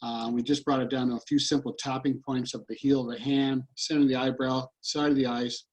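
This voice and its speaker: A man's voice: mid-range voice, flat delivery, a little fast, low-quality recording. Earnest man guiding a tapping routine. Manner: earnest, repeats short fearful statements while tapping. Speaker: EFT practitioner and coach. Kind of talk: guided tapping demonstration.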